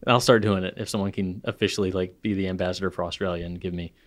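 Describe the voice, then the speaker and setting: A man's voice: low voice, fairly even intonation, quick pace. Chatty man co-hosting a podcast. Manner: playful, rambling storyteller with many fillers. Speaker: podcast co-host. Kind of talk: casual chat.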